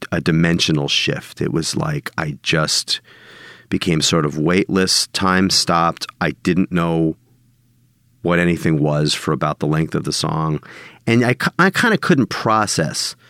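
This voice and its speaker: A man, a songwriter and producer, talking casually as an interview guest, telling lively stories and laughing often. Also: a bass voice, slow, dry recording, studio quality. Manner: animated storyteller, laughs often, mimics singers.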